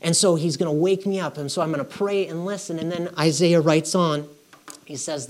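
Guy preaching a sermon, kinda high voice, keeps saying okay? and repeating stuff for emphasis. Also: moderate pace. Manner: emphatic, repetitive, conversational preaching with frequent "okay?". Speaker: pastor.

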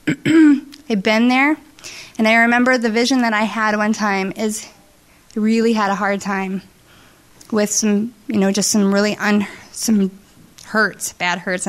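A woman giving an emotional, halting testimony to a church congregation, tearful and heartfelt. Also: medium pitch. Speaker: church member sharing testimony. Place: church service.

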